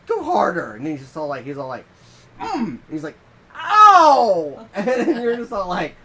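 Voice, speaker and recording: A man's voice: fairly high pitch, very animated, brisk, husky, rough recording. A young man co-hosting a podcast, telling stories in slangy casual chat, laughing and acting out what people said. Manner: laughing storyteller, acts out quotes, slangy. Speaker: podcast co-host.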